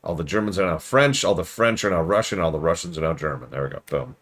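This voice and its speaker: A man streaming a game review, rambling through jokey riffs with deadpan asides. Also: deep voice, fast talker. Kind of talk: casual livestream commentary.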